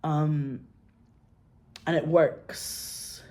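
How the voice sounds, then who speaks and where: A woman's voice: deep voice, flat delivery, very slow, warm tone. A woman chatting in an interview, rambling and effusive, full of "like" and acted-out quotes. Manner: rambling and effusive, heavy on "like", acts out quoted voices. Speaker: filmmaker guest. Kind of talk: casual chat.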